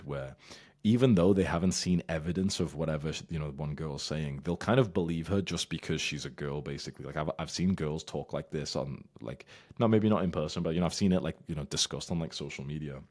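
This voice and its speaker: A man with an extremely deep voice talks straight to his audience, giving blunt advice. He swears a lot and rambles, stacking up fillers and restarts as he hammers home his points. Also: a little fast, darkish tone. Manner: blunt, heavy swearing, emphatic. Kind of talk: casual advice monologue.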